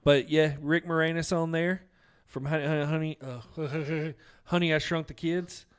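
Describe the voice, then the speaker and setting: A man co-hosting a podcast, chatting casually about movies in a relaxed, rambling way with plenty of fillers. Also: fairly high pitch, moderate pace, clear, resonant tone. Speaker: podcast co-host. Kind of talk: casual chat.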